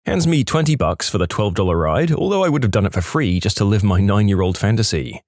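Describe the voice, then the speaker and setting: A man narrating online stories in an expressive, scripted storytelling manner. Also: lowish voice, fairly quick, no room sound, studio quality.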